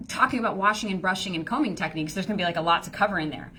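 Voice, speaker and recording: A woman's voice: medium pitch, rapid-fire, hardly any pauses, sharp tone, slight background noise. A woman business coach teaching casually on a live stream, rambling and chatty with lots of fillers.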